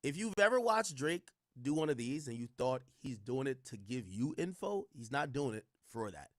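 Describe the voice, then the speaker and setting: A man's voice: medium pitch, big pitch swings, moderate pace, no room sound, studio quality. A man streaming casual reaction commentary, rambling and slangy with frequent restarts.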